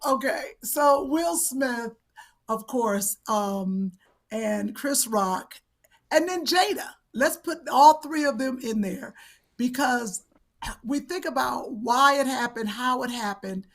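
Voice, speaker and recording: A woman hosting a comedy talk show, telling stories in a rambling, animated way. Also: on the high side, slow. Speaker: show host. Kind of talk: casual comedic chat.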